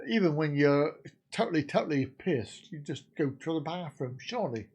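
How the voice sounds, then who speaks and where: A man's voice: a little high, animated, normal speed, a little mellow, breathy edge. A man in his fifties from the UK, hosting a casual live stream and bantering crudely with his viewers. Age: 50s.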